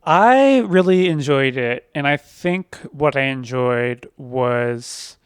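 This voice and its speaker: A man's voice: mid-range voice, expressive, slow pace, smooth, dry recording, studio quality. A young man co-hosting a podcast, chatting casually and reflectively, often hedging his words. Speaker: podcast co-host. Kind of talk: casual chat.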